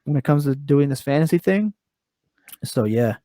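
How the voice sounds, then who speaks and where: A man, a professional wrestler, talking candidly as a podcast guest, swearing freely and ranting with rising pitch. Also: lively intonation, normal speed, dark tone. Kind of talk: casual podcast interview. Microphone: remote call mic.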